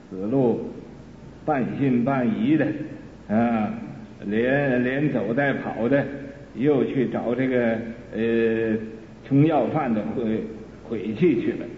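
Brief: male storyteller, slow and higher-pitched, tinny echoey hall with faint rumble. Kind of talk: storytelling talk.

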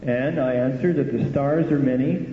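Brief: a man voicing an indignant young disciple, quick protesting delivery, tinny echoey hall sound. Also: medium pitch, natural voice. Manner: protesting, rapid, insistent. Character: indignant young male disciple, hot-tempered.

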